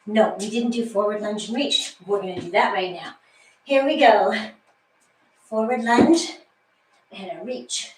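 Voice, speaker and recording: A woman's voice: mid-range voice, measured pace, long pauses, echoey room, distant mic, low-quality recording. A woman fitness instructor leading a home workout, out of breath, cheerful and chatty, counting reps and laughing at herself.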